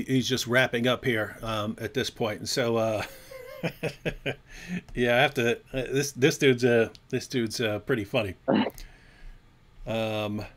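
A man's voice: medium pitch, a bit bright. A man hosting a live stream, reacting casually to a clip with chuckles and many fillers. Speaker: livestream host.

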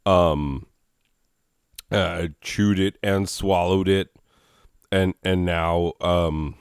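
A man hosting his own channel in a rambling comedic monologue, deadpan, self-mocking and wandering off topic. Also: sits low, very slow, pauses often, clean tone, no echo, studio quality. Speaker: channel host.

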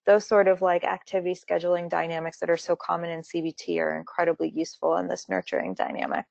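Woman therapist presenter, flat low delivery, earnest, dull dry webinar audio. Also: fast, gravelly, no echo. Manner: earnest, frequent "you know" fillers and restarts. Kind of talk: conversational webinar lecture.

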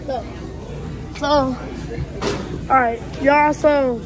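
A man's voice: extremely high pitch, steady tone, drawn-out words, background noise. A young boy telling a rambling story about a fight at school, with many restarts. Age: child.

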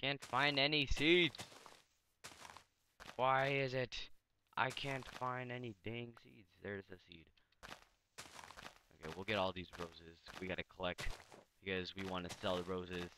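A young man hosting a casual let's-play, sounding tired and mumbling, then bursting into excited outbursts. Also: on the low side, measured pace, long pauses, noisy background. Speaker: gaming channel host.

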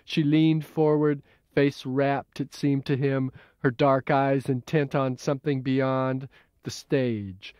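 A man reading his own novel as an audiobook in a measured, even way, heard as dull old tape. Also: medium pitch, clean tone, no room sound. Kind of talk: audiobook narration.

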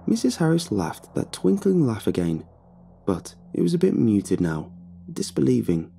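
Gravelly dark-voiced male horror narrator. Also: mid-range voice, wildly swooping pitch, moderate pace, a little hiss or hum. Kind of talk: scripted horror story narration.

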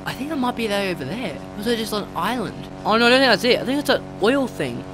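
Excitable gamer, lively yelling. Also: mid-range voice, fast talker, over music. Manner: excitable, yells and cheers often. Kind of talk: let's play commentary.

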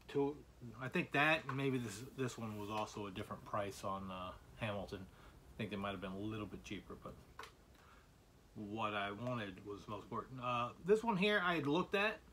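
A man showing the movies he bought in a casual vlog, talking in halting bursts full of "uh" fillers and restarts. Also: on the low side, bright, forceful tone, slight background noise. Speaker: collector showing his movie purchases.

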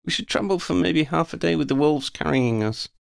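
A woman's voice: deep voice, animated, brisk, vocal fry, no echo, clean studio sound, pitched above the performer's own voice, full character voice. A man voicing a confident, playful young witch who leads her friends with wry teasing.

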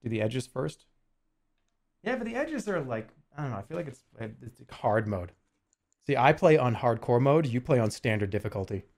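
Putting a puzzle together on a casual stream, a man in his forties jokes and swears with his viewers. His mid-range voice has a darkish tone and is very animated, at a moderate pace.

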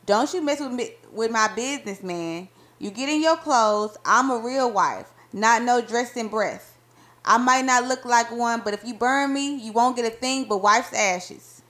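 A woman voicing a spirited, affectionate young wife, talking in lively, sassy folksy banter. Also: a little high, unhurried.

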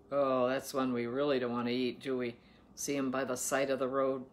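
A woman's voice: extremely low pitch, little pitch movement, moderate pace. A woman from Ohio, reading the Bible aloud and breaking off for chatty, folksy asides and questions to her listeners. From Ohio, USA. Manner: chatty, asks listeners playful questions between verses. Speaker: daily Bible reader and host.

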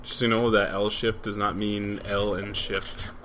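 A man keeps up dry, teasing commentary while his friend plays a game. His voice sits a little low and easy. Faint room noise hums in the background. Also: little pitch movement, moderate pace. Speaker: gamer co-host. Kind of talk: casual let's-play banter.

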